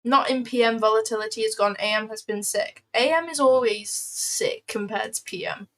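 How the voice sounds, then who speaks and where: A young woman from Britain talks at a moderate pace in a slightly high, somewhat bright voice while trading live on stream. The chat is casual and talkative; she mocks herself, says things over again, and bursts into playful singing.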